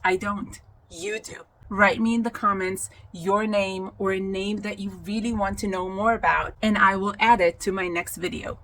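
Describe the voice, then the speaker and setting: A woman's voice: mid-range voice, steady tone, fairly bright tone. A woman teaching Hebrew names, speaking carefully and spelling out each pronunciation. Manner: careful, deliberate enunciation of each word. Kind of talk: slow, clear language lesson. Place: outdoors in wind, then indoors in a workshop.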